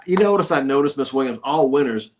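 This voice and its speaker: A man's voice: medium pitch, animated, quick pace, slight background noise. Male host, mid-range voice, reads a passage, then riffs with repeated emphatic phrases. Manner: repetitive, folksy, sermon-like emphasis. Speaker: book review host. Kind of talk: reading aloud and discussing a business book.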